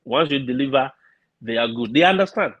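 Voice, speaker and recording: Husky-voiced male host, lo-fi dry sound. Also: mid-range voice, expressive, brisk, no room sound. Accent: African-accented English. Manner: encouraging, repeats words as he thinks aloud. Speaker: podcast host. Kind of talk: casual conversation. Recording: slightly dull lo-fi sound.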